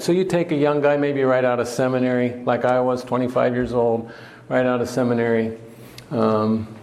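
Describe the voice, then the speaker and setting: An older man preaching a sermon from the pulpit, his voice sitting at an ordinary middle pitch. He leans into phrases with emphatic repetition and slows down when reading scripture aloud. A faint ambient hum stays in the background. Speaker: pastor.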